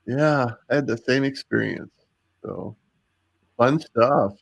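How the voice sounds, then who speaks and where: A man's voice: medium pitch, slow, creaky, low-quality recording. A man hosting an interview show in casual chat, upbeat and encouraging with his guest. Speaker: host.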